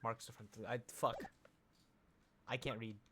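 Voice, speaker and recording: A man's voice: mid-range voice, flat delivery, moderate pace, background noise. A man streaming live, reading a courtroom game aloud with offhand, self-mocking asides. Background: game music.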